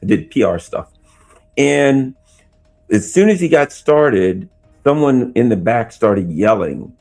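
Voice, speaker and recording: Male host, chatty storyteller, animated pitch, soft music underneath. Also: fairly quick, creaky. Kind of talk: casual anecdotal chat.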